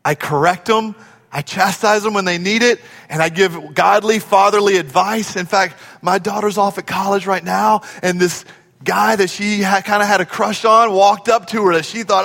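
A middle-aged man preaching a sermon as pastor, emphatic and animated, acting out quotes and rising to shouts. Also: high voice, moderate pace, creaky. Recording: long hall reverb.

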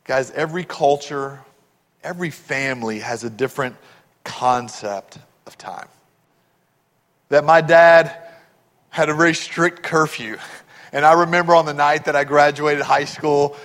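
High-voiced preaching man, echoing hall. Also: normal speed. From Texas, USA. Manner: animated storytelling, asks the congregation questions. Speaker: pastor. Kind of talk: sermon.

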